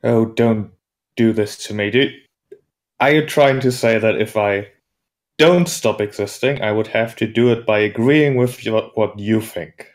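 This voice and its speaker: A tabletop player speaks in character, a man with a lowish voice. He answers with wry, dry retorts and an unhurried, sardonic tone. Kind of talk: in-character tabletop role-play.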